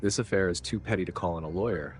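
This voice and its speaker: A man's voice: low-pitched, quick pace, lightly acted. A man reads the part of an earnest, flustered male clerk who insists on being believed. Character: earnest, bewildered arrested bank clerk, a man.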